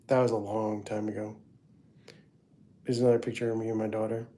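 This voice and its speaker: A middle-aged man hosts a casual livestream, meandering through family photos and greeting viewers by name. His voice is lowish and mellow, with a flat delivery and a slightly fast pace.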